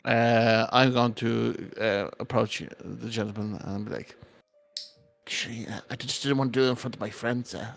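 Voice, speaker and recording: A man playing a tabletop game who speaks hesitantly, full of ums and pauses. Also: medium pitch, steady tone, vocal fry. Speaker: player. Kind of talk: tabletop role-play.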